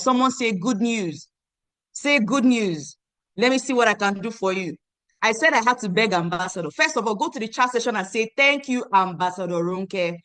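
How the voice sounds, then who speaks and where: A woman in her thirties from Nigeria, hosting an online meeting and giving an emphatic, repetitive sales pitch that urges listeners to act now. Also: fairly bright tone, no room sound. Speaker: online meeting host selling a program. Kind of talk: motivational sales pitch on a video call. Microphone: video call.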